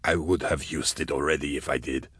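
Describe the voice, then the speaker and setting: A man voicing a battered male prisoner who speaks hoarsely and weakly through his injuries. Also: extremely low pitch, steady tone, fairly quick, fairly bright tone, no echo, studio quality, voice pushed down, full character voice. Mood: pained. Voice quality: hoarse, throaty.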